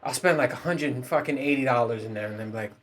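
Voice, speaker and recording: On his casual solo podcast, an adult father rambles and swears his way through a rant, laughing often along the way. He speaks fast in a mid-range, fairly bright voice, and the recording has a little hiss or hum.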